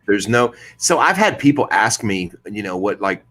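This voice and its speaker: A man's voice: on the low side, sing-song, normal speed, sharp tone. A man hosting a podcast in casual chat, laid-back and profane, laughing often. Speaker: podcast host.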